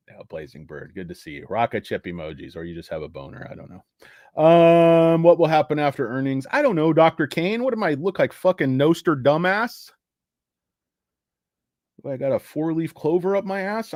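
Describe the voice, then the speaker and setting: A man's voice: a little high, no room sound, clean studio sound. A middle-aged man hosting a casual livestream, rambling and cursing as he rants and reads chat. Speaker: stock livestream host.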